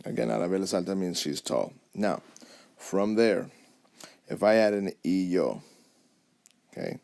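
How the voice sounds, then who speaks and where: Speaking over a whiteboard app through a tablet mic, a man patiently teaches Spanish, checking understanding again and again with "okay?" and "alrighty?". His voice sits low and sounds creaky and a little mellow. He's unhurried, with big swings in pitch.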